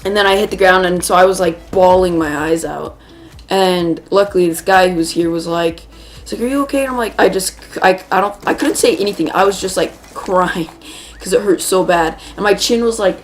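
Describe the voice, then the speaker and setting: A woman with a fairly low voice, fairly even intonation, and a moderate pace hosts a gaming video, telling a loose, chatty story while playing a shooter and interrupting herself to react. Faint music sits behind her.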